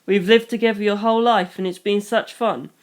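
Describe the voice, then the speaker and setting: A reader voicing a loving, wise foster mother who speaks in a soft, steady, reassuring way, in a fan reading of a novel. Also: medium pitch, a little fast, natural voice. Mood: comforting. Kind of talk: audiobook reading.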